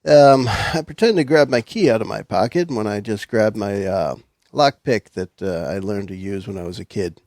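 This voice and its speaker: A man playing a tabletop game, describing his moves in a relaxed, wry way. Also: on the low side, moderate pace, dry recording, clean studio sound. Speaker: player. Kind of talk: casual tabletop game chat.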